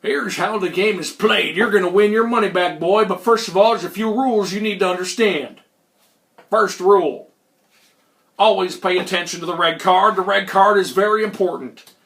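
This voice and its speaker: A man's voice: high-pitched, normal speed, a bit bright. A man voicing an old male street card hustler who drawls folksy lines and calls the listener boy and son. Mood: sly, folksy.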